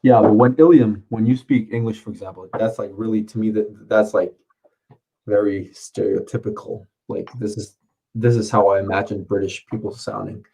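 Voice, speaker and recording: A man's voice: fairly low pitch, fairly even intonation, moderate pace, gravelly, dark tone, breathy edge, rough recording. A man chatting casually at home, rambling, swearing and laughing often. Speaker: streamer. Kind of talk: casual chat. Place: home, under curfew.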